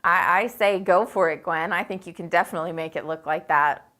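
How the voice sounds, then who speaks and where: Chatty woman host, slightly low voice. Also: a little fast, sharp tone. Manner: chatty, upbeat, rambling with fillers. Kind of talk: live-stream chat reading viewer comments. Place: indoors with a quilt hanging behind her.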